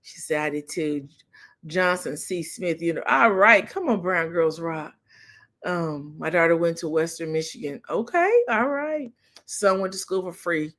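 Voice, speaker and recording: Middle-aged woman host, animated storyteller, lower voice. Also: a little slow. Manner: animated storytelling, laughs often, acts out her daughter's lines. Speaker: livestream talk show host. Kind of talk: casual chat with live chat viewers.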